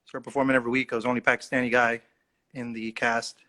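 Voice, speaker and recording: A man's voice: mid-range voice, level tone, fast talker, bright, forceful tone. A male actor telling a rambling, self-mocking story in a casual livestream chat. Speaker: actor guest.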